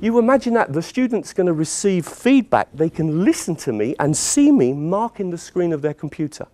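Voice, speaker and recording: Lively British man presenting to teachers. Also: sits high, normal speed, no room sound. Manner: enthusiastic, demonstrating websites on screen. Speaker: teacher trainer. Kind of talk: conference presentation. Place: conference room.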